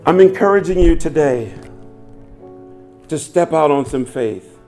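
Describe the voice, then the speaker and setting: High-voiced older male pastor. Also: a little slow, soft background music. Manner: animated, laughing storyteller. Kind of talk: sermon with a told joke.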